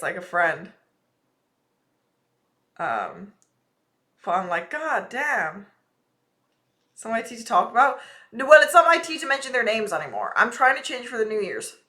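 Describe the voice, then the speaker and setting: A woman's voice: medium pitch, sing-song, normal speed, long pauses, bright, forceful tone. A young woman streaming live, chatting casually and ranting with a lot of swearing.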